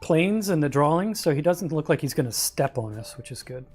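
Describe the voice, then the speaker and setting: A man's voice: fairly high pitch, lively intonation, brisk. A man casually commenting on a game he is streaming, joking and reacting aloud.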